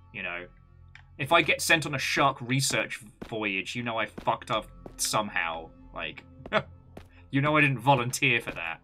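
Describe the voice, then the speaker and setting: A man gives gameplay commentary in a very bright, lively voice, tossing off joking asides as he plays. Faint music runs underneath his talk. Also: fairly low pitch, a little slow. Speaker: gaming video host.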